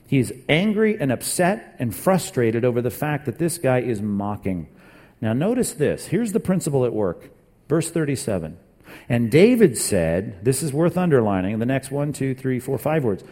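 A man preaching a sermon as a pastor, retelling a story with lively acted-out dialogue and casual asides. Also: mid-range voice, normal speed. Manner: animated storytelling, acting out dialogue. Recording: long hall reverb.

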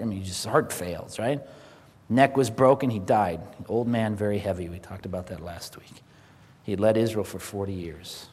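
A man delivers a sermon in an animated storytelling style and dramatizes the people in the passage. His voice sits at an ordinary middle pitch. He sometimes drops to a hushed whisper for emphasis, and a long reverb from the church hall trails behind every word. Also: slightly rough. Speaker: pastor.

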